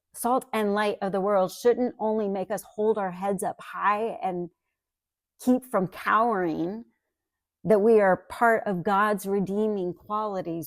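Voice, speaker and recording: A woman's voice: mid-range voice, no echo, clean studio sound. Earnest woman giving a sermon. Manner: earnest, emphatic, conversational asides. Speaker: Bible teacher.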